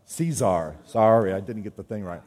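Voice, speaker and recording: A man addresses a room of men in a casual, joking way, slipping into the voices of people he quotes. His voice sits at an ordinary pitch. The sound rings with the long reverb of a large hall. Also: lively intonation, normal speed, a little mellow. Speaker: speaker at a men's gathering. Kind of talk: talk to a men's group.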